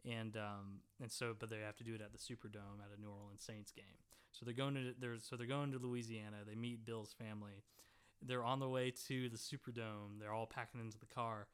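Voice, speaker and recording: Smooth-voiced man in casual podcast chat. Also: on the low side, brisk. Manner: animated, laughs often, quotes lines in voices. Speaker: podcast co-host.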